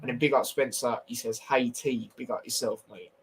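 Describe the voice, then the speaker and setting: A man's voice: medium pitch, fairly even intonation, normal speed, low-quality recording. A young man hosting a casual football review stream, blunt and opinionated with slangy banter. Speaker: football podcast host.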